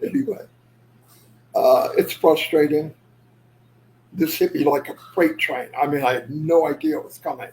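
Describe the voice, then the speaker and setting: Rambling livestream host, a man with a slightly high voice who drifts between topics, faint noise behind. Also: normal speed, long pauses, a little mellow, low-quality recording. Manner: rambling, loses his thread; says "anyway" often to move on. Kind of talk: casual livestream chat.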